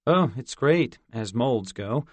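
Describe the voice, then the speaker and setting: A male narrator voicing a quick-witted boy who bluffs hastily to cover for a friend. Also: medium pitch, expressive, dry recording. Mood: bluffing. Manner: hasty, bluffing.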